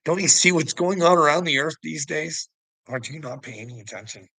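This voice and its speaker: A man's voice: a little high, lively intonation, a little fast, bright, forceful tone, husky, no echo. A man ranting at the camera in a taunting, profane way, laughing often between lines. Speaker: vlogger. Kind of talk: mocking rant to the camera.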